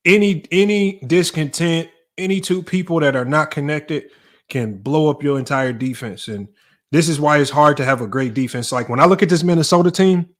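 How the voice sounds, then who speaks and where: In a fairly high, fairly bright voice, this basketball coach and podcast host weighs in on a casual sports debate, driving each point home emphatically with repeated words.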